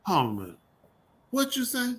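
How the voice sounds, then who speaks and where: Teasing bright-voiced male show host. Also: very high voice, wildly swooping pitch, fairly quick. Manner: teasing, loud, uses dialect grammar. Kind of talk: casual radio chat.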